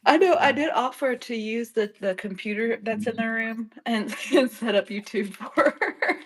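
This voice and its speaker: Young adult woman, nurse, casual chat, animated, laughs often, slightly high pitch. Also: moderate pace.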